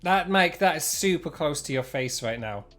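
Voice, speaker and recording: A man's voice: on the high side, animated, normal speed, a bit bright, soft background music. Chatty, giggly man streaming. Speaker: streamer reacting to clips. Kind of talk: casual live-stream chat.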